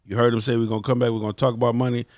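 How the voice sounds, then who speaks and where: A man hosting a casual talk show, hyping his guest with quick affirmations. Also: medium pitch, level tone, a little mellow, dry recording, studio quality. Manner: hype, affirming interjections. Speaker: host. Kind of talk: casual interview chat.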